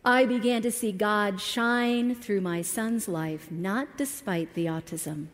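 A middle-aged woman shares a heartfelt personal story with a congregation. Her delivery is unhurried and deliberate, and she leans into key words for emphasis. The sanctuary adds a long, lingering reverb. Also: mid-range voice. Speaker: guest speaker at a church service. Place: church sanctuary. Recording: long hall reverb from a church.

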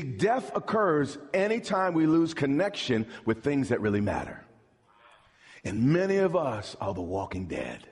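Husky, lively preacher in a reverberant hall. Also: male voice, medium pitch. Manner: call-and-response preaching, stammering repeats, emphatic. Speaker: pastor. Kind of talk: sermon. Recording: long reverb of a large hall.

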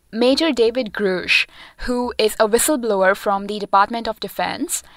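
A woman's voice: mid-range voice, dry recording. A young woman co-hosting a podcast, explaining a science story in a casual, explanatory way with hesitations. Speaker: co-host presenting a science segment.

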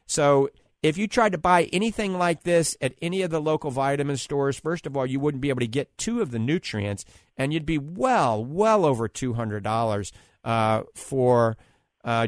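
A man with a New Orleans accent co-hosting a radio health show, giving upbeat, persuasive advice and pitching products. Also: no room sound, clean studio sound.

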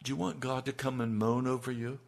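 A man's voice: mid-range voice, steady tone, fairly quick, vocal fry. A man preaching a sermon, asking his listeners pointed rhetorical questions and building to emphatic peaks.

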